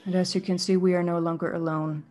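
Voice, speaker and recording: A woman's voice: fairly low pitch, little pitch movement, quick pace, darkish tone, soft background music, natural voice. A woman voicing a solemn entranced medium. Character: entranced female spirit medium, calm.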